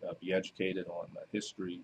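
Guest, male 30s, New Jersey accent, very low voice, earnest, faint room noise. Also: monotone. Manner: earnest, measured, many fillers. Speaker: guest, author and minister. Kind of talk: casual interview.

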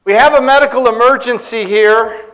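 A man voicing a calm, polite airport ticket agent who speaks formally. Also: very high voice, moderate pace, pitched above the performer's own voice. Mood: announcing.

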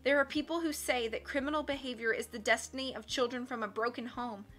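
Crying earnest woman judge voiced by a woman, high pitched, bright. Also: fairly even intonation, quick pace, natural voice. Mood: tearful pleading.

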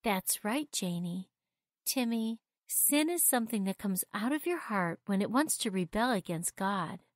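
A woman voicing a warm mother who gently and calmly explains things to her children in a storybook. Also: mid-range voice, a little slow, no room sound, studio quality, close to an everyday voice. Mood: reassuring.

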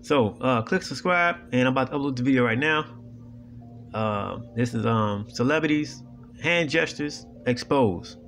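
A man's voice: medium pitch, animated, moderate pace, a bit bright, soft background music. A man with hosting a video, talking straight to viewers in a blunt, preachy, profane way and often asking "you know what I'm saying". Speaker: video host. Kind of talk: casual monologue to viewers.

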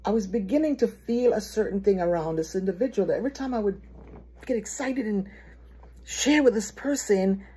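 A woman preaching a sermon in a lively storytelling way, acting out the excited voices of people she quotes. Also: mid-range voice, moderate pace, husky. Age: adult.

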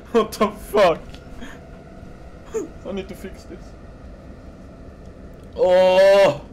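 A man's voice: high-pitched, extremely slow, long pauses, a little mellow, slight background noise. A young man playing horror games on camera at home, shrieking, swearing and laughing nervously. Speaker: horror game let's player. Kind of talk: screaming horror game reaction. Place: home recording setup with a green screen.

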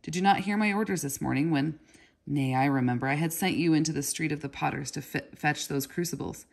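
A woman reading aloud, voicing a kindly, weary older male goldsmith with a deep, gentle voice and a grave, measured way of speaking. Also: gravelly.

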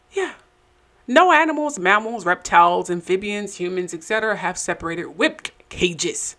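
A woman's voice: medium pitch, expressive, normal speed, fairly bright tone. Sarcastic woman narrating commentary. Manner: sarcastic, skeptical asides. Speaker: show host.

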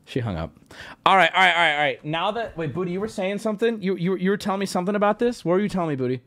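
A man streaming live, reacting to videos with loud, profane mock-rage rants broken up by mumbled asides. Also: high voice, expressive, very fast. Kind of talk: casual live-stream commentary.

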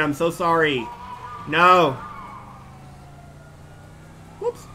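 Animated young man narrating gameplay. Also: on the high side, background noise. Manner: animated, exclaims and yells at the game. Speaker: gaming YouTuber. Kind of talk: casual gameplay commentary.

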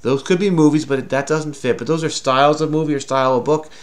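A man with a somewhat high voice and fairly even intonation talks fast as he hosts a casual crossword with a child. He teases the kid playfully and takes care to explain the clues patiently.

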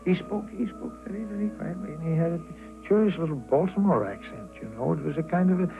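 A man's voice: on the high side, fast talker, vocal fry. An older man reminiscing in an archival interview, chatty with many fillers and acting out quotes. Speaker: former band musician interviewee. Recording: tinny archival recording with music behind.

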